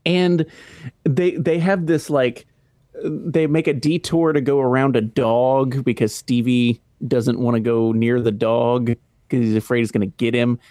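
A man's voice: mid-range voice, little pitch movement, measured pace, dark tone, no echo, studio quality. A man co-hosting a film review podcast, recapping scenes casually and laughing as he talks. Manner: chatty, laughs mid-sentence while recapping. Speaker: podcast co-host.

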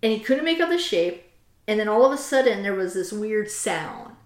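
A woman of middle pitch hosts a casual chat, retelling a story with lively energy and stopping to read passages aloud. Her voice carries a roomy echo. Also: moderate pace. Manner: animated retelling, reads quotes aloud. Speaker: host.

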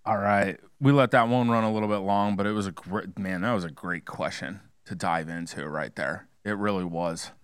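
Male host, low smooth voice, joking, dry close sound. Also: fairly even intonation, moderate pace, few pauses, dry recording. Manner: joking, wrapping up. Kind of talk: hosting a debate show.

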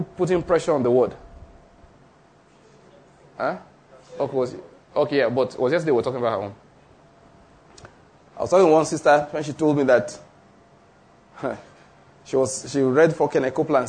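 A man preaching a sermon. He teaches emphatically, slowing down on key phrases and repeating declarations. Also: fairly high pitch, darkish tone, breathy edge. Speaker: pastor.

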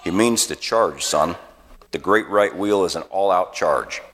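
A man's voice: sits low, a little slow, fairly bright tone, long reverb tail. A man voicing a blunt, hard-nosed old wounded sergeant. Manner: blunt, gruff.

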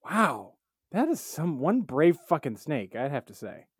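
Lively, playful podcast man. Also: a little high, a little slow, slightly rough, dry recording, clean studio sound. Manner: playful, swears freely, animated reactions. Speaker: podcast co-host. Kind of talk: casual comedic chat.

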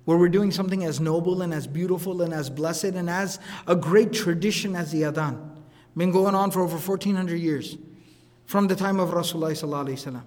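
A man gives a brisk, high-pitched religious lecture, his voice trailing into a long hall reverb. He talks casually, rattles off Arabic quotations and keeps asking his audience "right?". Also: a little mellow. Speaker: teacher.

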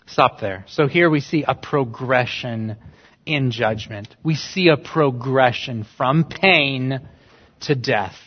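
Speaking slowly in a medium-pitched, slightly rough voice, a pastor delivers an emphatic sermon packed with rhetorical questions. The sound is dull and echoes at length through a church hall.

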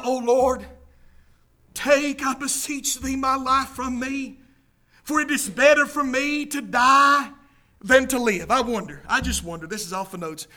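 A preacher with a strikingly high, bright voice delivers an animated sermon. He leaps into the voices of the people in his Bible stories, then drops back into plain teaching. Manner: animated, acts out Bible quotes in character.

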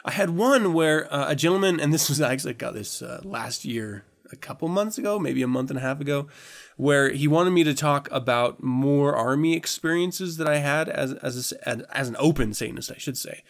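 A man's voice: on the high side, brisk. Laughing, loose-talking male podcast host. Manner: laughs often, swears casually, rambling with restarts. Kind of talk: casual podcast chat.

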